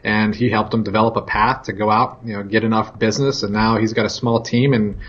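Man, interview guest, low voice, husky, muffled lo-fi sound. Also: steady tone. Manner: measured, heavy on "you know" fillers. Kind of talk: casual interview chat.

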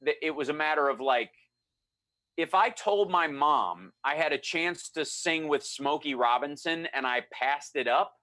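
A middle-aged man telling a story in a relaxed chat, animated and acting out the voices of the people he quotes. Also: fairly high pitch, measured pace, no echo. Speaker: guest storyteller.

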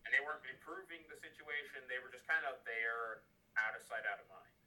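A man with a very bright, sharp tone talks through a casual podcast chat, rambling and profane. He sits a little back from the microphone, so his voice sounds somewhat distant. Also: medium pitch, brisk. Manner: rambling, profane, heavy on filler words. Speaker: podcast co-host and researcher.

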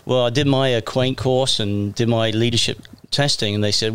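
A man's voice: medium pitch, little pitch movement, moderate pace, few pauses, a bit bright, smooth. A middle-aged man with an English accent, telling stories from his life in a casual interview, chatty and self-deprecating, with frequent restarts. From England. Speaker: police officer guest.

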